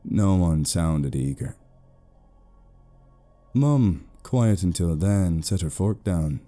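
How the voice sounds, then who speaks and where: Low, dark-voiced British man narrating horror. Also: lively intonation, slow, faint music behind.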